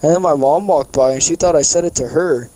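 A man's voice: fairly high pitch, a little fast, a crowd in the background, low-quality recording. A young man co-hosting a casual podcast, telling a long rambling story full of swearing and fillers. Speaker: podcast co-host. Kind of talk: casual chat.

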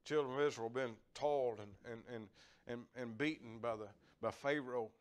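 Older lay preacher, folksy, repeats himself, chuckles mid-sermon, mid-pitched man. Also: moderate pace, clean tone.

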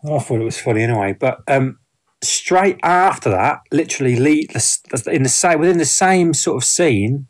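A man's voice: medium pitch, expressive, moderate pace. Rambling man reviewing a film. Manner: rambling, many fillers and restarts. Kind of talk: casual spoken film review.

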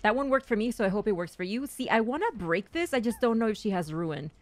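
A young woman streamer chats excitedly about her own gameplay at a fast clip in a medium-pitched voice. She's casual and talkative, repeating herself as she speaks to her teammates.

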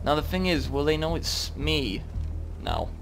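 A young man giving excitable, sweary let's-play commentary over a game. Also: a little high, unhurried, vocal fry. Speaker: gaming YouTuber. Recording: game music behind the voice.

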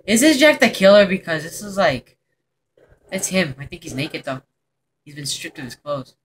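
A man narrating his own horror game run, profane and easily startled. His voice leaps around in pitch as he yelps and mutters. A constant noisy hiss sits under the recording. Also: moderate pace. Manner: profane, excitable, jumpy reactions. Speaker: gameplay commentator. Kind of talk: let's play commentary.

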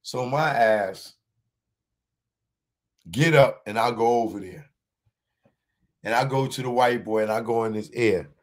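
A stand-up comedian tells a long story live in slang, a little slowly and with long pauses. He often repeats and restarts words, and he jumps into high, shouted voices for the other people in the story.

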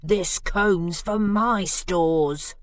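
A woman voicing a greedy, forward-planning male squirrel with loud, insistent hollering in a storybook reading. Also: lowish voice, extremely slow, dry recording, studio quality. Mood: possessive.

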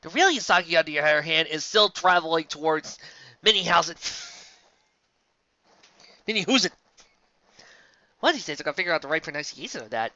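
Sarcastic, bright-voiced fanfic reader. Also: mid-range voice, sing-song, very fast, few pauses, no echo, muffled recording. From Southern United States. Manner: sarcastic, exasperated, jumps between reading and ranting. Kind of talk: comedic reading with sarcastic asides.

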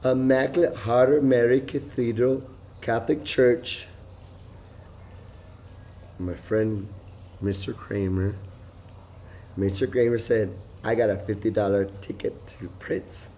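A middle-aged man, talking in a rambling, profane monologue that jumps from loud outbursts to low mutters. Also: fairly even intonation, slow, pauses often. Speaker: vlogger.

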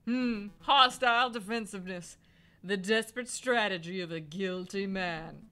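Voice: mid-range voice, unhurried, pushed and bright, smooth, faint music behind. A player voicing a smug, prying male bird lawyer who speaks coolly.

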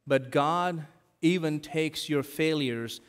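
A man's voice: on the high side, slow pace, clear, resonant tone. Preaching man in a reverberant hall. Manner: dramatic, swings between loud emphasis and hushed quotes. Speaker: pastor. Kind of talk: sermon.

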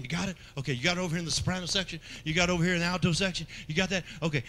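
A male preacher tells the story animatedly and rises to shouted climaxes. His voice sits high and is intensely bright and forceful. He pulls the congregation into call-and-response lines. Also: steady tone, very fast, few pauses. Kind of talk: dramatic sermon storytelling.

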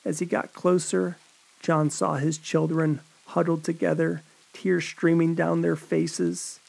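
A man's voice: fairly high pitch, level tone, slow pace, gravelly, darkish tone. A man narrating a horror story in a dramatic storytelling manner. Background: rain.

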